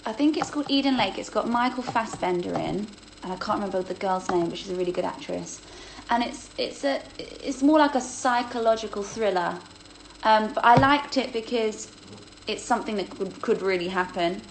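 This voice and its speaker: A woman talks through a phone, chatty and self-deprecating as she reads out viewer questions. Her voice sits at an ordinary middle pitch, with a faint hiss of noise behind it. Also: normal speed, gravelly, poor audio. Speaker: host of a livestream Q&A. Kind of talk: casual chat, reading out viewer questions.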